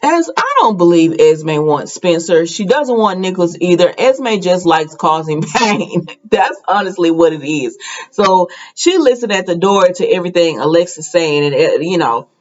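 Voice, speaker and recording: A woman's voice: lowish voice, animated, moderate pace, muffled recording. A woman casually recapping a soap opera episode in a chatty, gossipy way, full of fillers.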